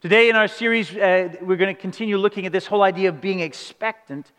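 A man with a high voice preaches to his congregation, keeping it conversational and earnest and leaning on rhetorical questions. His words ring out with a long reverb, as if from a large church sanctuary. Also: fast, a bit bright, clear, resonant tone. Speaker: pastor. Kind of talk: sermon.

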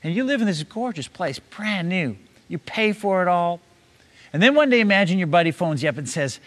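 A man's voice: high-pitched, lively intonation, fairly quick, fairly bright tone. A man preaching, building a long parable scene by scene and urging the listener to imagine it. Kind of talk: sermon told as a long parable.

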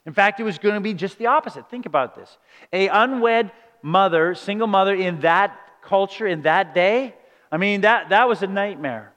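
A man's voice: high-pitched, expressive, normal speed, fairly bright tone, in a large hall. A man preaching a sermon as pastor, in a conversational style with acted-out quotes.

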